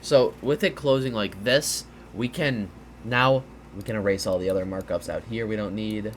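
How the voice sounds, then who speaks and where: Here a man with a lowish voice speaks at normal speed against slight background noise. He's tired and yawning as he casually explains strategy over a game map, rambling and restarting with fillers along the way.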